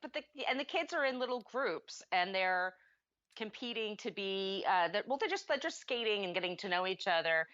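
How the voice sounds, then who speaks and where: A woman's voice: medium pitch, animated, normal speed, fairly bright tone, no room sound, lo-fi sound. A woman co-hosting a podcast, chatting casually about a movie in a rambling way, often correcting herself mid-sentence. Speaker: podcast co-host.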